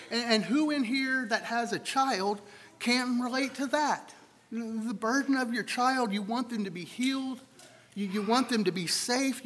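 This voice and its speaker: High-voiced man preaching in a reverberant hall. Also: fairly bright tone. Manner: conversational, repeats words while thinking aloud. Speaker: pastor. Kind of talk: sermon.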